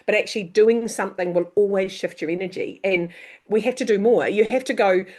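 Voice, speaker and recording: A woman's voice: medium pitch, fairly quick. A woman, an author and coach being interviewed, talking in an upbeat, emphatic way and acting out little back-and-forth dialogues. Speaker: author and leadership coach, guest. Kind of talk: motivational interview talk.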